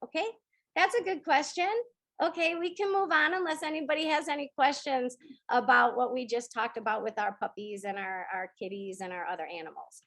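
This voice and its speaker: Gentle, fairly high-voiced woman teaching. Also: fairly even intonation. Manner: gentle, slows down to stress key words. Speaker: spiritual teacher hosting a member call. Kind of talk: spoken teaching on a video call. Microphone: video call.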